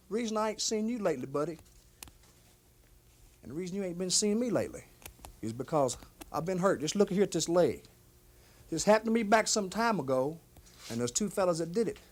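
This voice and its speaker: A man with a Kentucky accent, a wrestler chatting with fans on his porch in a folksy, rambling country drawl. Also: high voice. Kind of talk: folksy in-character chat. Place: house porch.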